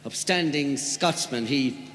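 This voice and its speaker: A man's voice: mid-range voice, slow pace, a bit bright, slight background noise. A man telling jokes in a live stand-up comedy routine, a jovial storyteller who leans into his punchlines. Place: large hall with audience. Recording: live hall with echo and long reverb.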